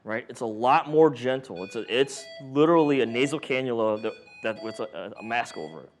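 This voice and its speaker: Soft music plays behind a mid-range male voice speaking a little fast. He's a paramedic instructor keeping things casual and jokey, quizzing students and acting out patient and monitor voices.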